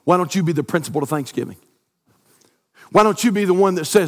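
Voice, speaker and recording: High-voiced preacher in a reverberant hall. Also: male voice, lively intonation, fast talker. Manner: swings from loud chanted preaching to quiet storytelling. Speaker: pastor. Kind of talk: sermon.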